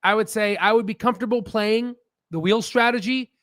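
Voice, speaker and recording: Excitable male stream host, high-pitched, dry close sound, profane and mocking. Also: fairly quick, dry recording. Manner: excitable, swears, mocks in shrill put-on voices. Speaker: stock market livestream host. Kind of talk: casual livestream rant.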